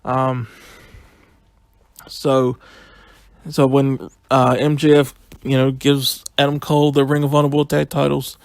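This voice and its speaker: A man giving a casual, excitable solo review, retelling events in a rambling, chatty way. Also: mid-range voice, a little slow, vocal fry, long pauses, no room sound.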